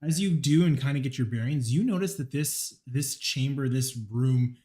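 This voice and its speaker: A man's voice: mid-range voice, normal speed, mellow. Laid-back male game master. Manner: casual, hesitant with many ums and likes. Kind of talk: narrating a tabletop game.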